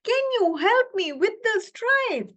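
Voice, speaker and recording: A woman voicing a sad young female zebra who has lost her stripes, in a high, pleading voice. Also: big pitch swings, slow pace, a bit bright, full character voice.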